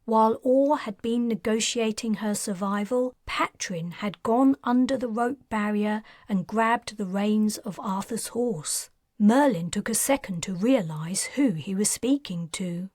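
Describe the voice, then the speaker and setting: Slow, measured woman narrating a sci-fi audiobook. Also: medium pitch, a little mellow, no room sound, clean studio sound. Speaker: author narrating her audiobook.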